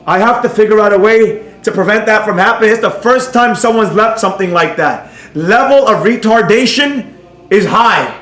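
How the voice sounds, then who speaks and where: Male livestream trading instructor, mocking and animated, fairly high voice, roomy echo. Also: moderate pace. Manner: mocking, animated, mock-soothing at times. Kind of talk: livestream class banter.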